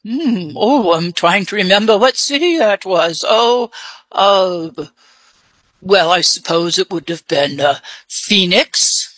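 A woman speaking in a put-on English accent with a deep-pitched voice whose pitch swoops widely. She talks slowly and hesitantly, trailing off into fillers as a mystery guest on a radio guessing game, in a dry, close recording. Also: lively intonation, fairly bright tone, dry recording. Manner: hesitant, halting with many fillers.

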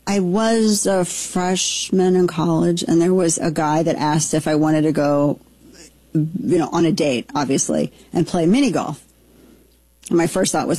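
A woman in her forties from Southern Missouri, co-hosting a chat show and telling family stories in a lively, laughing way. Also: fairly low pitch, slightly rough, no echo. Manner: animated storyteller, laughs easily. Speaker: talk show co-host. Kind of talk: casual chat, storytelling.

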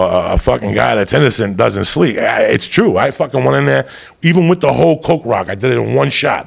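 A middle-aged man telling a profane, rowdy stand-up story, loud and rambunctious, with a gravelly voice. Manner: loud, profane, rambunctious, swings into high shouts. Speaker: stand-up comedian. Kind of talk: stand-up storytelling to a live audience.

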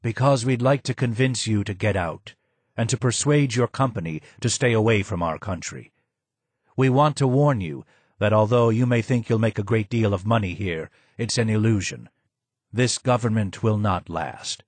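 A man voicing a bitter, ailing old Persian man who speaks hoarsely and forcefully. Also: on the low side, moderate pace, dry recording.

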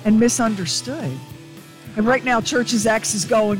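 A woman's voice: fairly high pitch, steady tone, a little slow, soft background music. A woman co-hosting a radio show, talking with enthusiastic, rambling energy. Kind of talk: morning radio banter.

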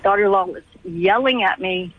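A middle-aged woman calling in to a radio show, telling a family story in halting, restarting sentences. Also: medium pitch. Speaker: caller. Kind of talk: call-in radio conversation. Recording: tinny phone line, dry.

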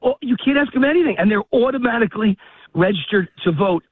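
A high-voiced man calls in from a park walk, out of breath and heated. His voice is husky and comes through a tinny phone line. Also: lively intonation, dry recording. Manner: fast, heated ranting with rising emphasis. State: out of breath, walking a dog. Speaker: guest commentator. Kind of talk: political talk radio interview. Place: outdoors in a park, walking. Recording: phone-line call, dry.

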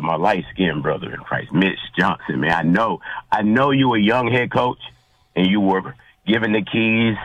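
A man co-hosting a sports talk show, emphatic and theatrical, swinging from low grumbles to high exclamations. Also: a bit bright, no room sound, rough recording. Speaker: podcast co-host.

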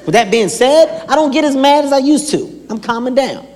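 A man telling stand-up stories on a comedy stage, animated, acting out voices and bursting into shouts. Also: very high-pitched, fairly quick. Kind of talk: stand-up storytelling. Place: comedy stage before a live audience. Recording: echoey hall with a live crowd and noise.

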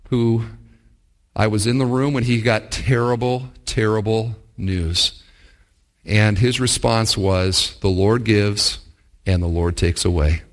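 A pastor, a man, preaching a sermon to his church, asking the congregation rhetorical questions and acting out quotes. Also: mid-range voice. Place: church service.

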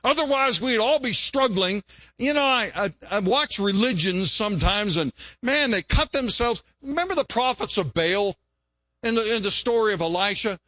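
Male preacher, high and bright, earnest, dry close sound. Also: lively intonation, moderate pace, dry recording. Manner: earnest, repeats phrases, rises when quoting prayers. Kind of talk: sermon.

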